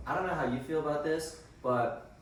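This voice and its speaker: A man's voice: on the high side, moderate pace, far from the mic. A young man chats loosely over food, full of likes and ums, as he shares a taste test with a friend. His voice sits away from the mic in a very echoey room, with faint room hum behind him. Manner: relaxed, rambling, many likes and ums. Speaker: co-host. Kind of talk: casual chat while taste-testing food.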